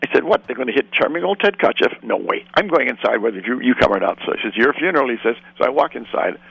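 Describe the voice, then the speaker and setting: An older man from Canada tells long, rambling anecdotes as a guest on a radio interview, slipping into the voices of the people he describes. His voice is gravelly and husky. The sound is dry and dull, with a muffled radio quality. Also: mid-range voice, expressive, fast talker, fairly bright tone, no echo. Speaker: guest film director.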